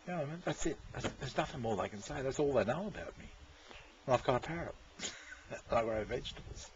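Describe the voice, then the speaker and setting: A man's voice: medium pitch, sing-song, normal speed, long pauses, slight background noise. A man, rambling in casual chat, swearing freely and chuckling often. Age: 60s. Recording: dull lo-fi recording.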